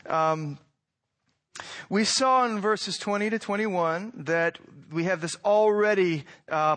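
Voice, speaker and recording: A man giving a sermon as pastor, preaching in a conversational way, asking rhetorical questions and moving between quiet and loud passages. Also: high-pitched.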